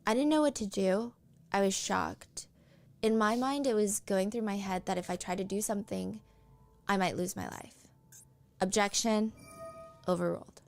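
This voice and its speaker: A woman's voice: mid-range voice, moderate pace, gravelly, pauses often, faint music behind. A woman giving a casual commentary recap and reading court testimony aloud. She talks conversationally and says "like" often. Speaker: streamer recapping a trial.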